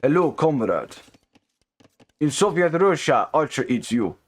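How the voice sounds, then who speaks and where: A man's voice: fairly high pitch, sing-song, measured pace. A man voicing a hammy mock Russian comrade in a joking put-on accent. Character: mock Russian soldier, male adult, hammy.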